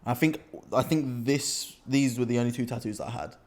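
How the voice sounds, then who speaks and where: A young British man swaps wild holiday stories in a loose, animated podcast chat. His voice sits at a middle pitch, and he laughs his way through the tales. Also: a little fast. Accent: British English. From Britain. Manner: animated anecdote-telling, laughs often. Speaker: podcast co-host. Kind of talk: casual storytelling chat.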